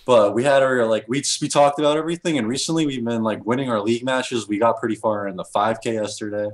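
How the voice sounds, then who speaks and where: A man's voice: medium pitch, fast. A man answering interview questions as a professional gamer, hesitant and full of restarts.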